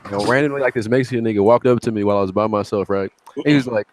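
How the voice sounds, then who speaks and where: Fast-talking low-voiced young man. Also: slight background noise. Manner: fast, storytelling with quoted asides. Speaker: podcast co-host. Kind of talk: casual group chat.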